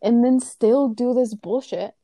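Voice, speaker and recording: A woman's voice: on the high side, measured pace, dark tone, no echo, studio quality. A woman in casual conversation, giving earnest, frank advice with some swearing. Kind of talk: casual chat.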